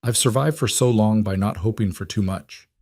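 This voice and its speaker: A man voicing a tender, anxious young mother who speaks softly and hesitantly in a narrated romance story. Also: fairly low pitch, normal speed, no echo, clean studio sound. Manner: soft, emotional, hesitant.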